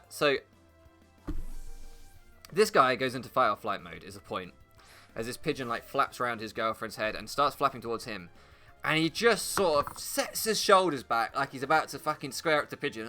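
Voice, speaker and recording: Brief: lively guy, late twenties, very bright tone, swears freely while telling anecdotes over gameplay. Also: on the high side. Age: late 20s. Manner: animated, profane, rambling anecdotes. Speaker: let's play host. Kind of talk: casual storytelling over gameplay.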